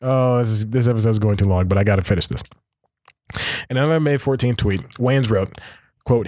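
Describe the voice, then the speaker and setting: A man's voice: lowish voice, brisk, long pauses, mellow, dry recording. Male podcast host, casual and rambling, laughs through his reading, dry close mic. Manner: chuckles often while reading, rambling self-corrections. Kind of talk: casual solo commentary, reading an article aloud.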